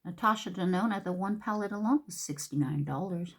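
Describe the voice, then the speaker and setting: Brief: woman vlogger, lower-pitched, chatty makeup talk with whispered asides. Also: fairly quick. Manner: chatty, drops into whispers, repeats words. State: a little out of breath. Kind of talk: casual makeup tutorial chat.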